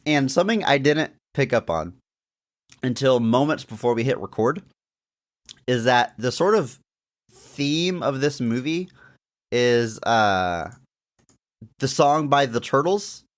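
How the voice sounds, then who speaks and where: A man's voice: medium pitch, lively intonation, takes it slowly, long pauses. A man co-hosting a podcast, chatting casually about an old comedy film and laughing often. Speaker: podcast co-host. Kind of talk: casual movie discussion.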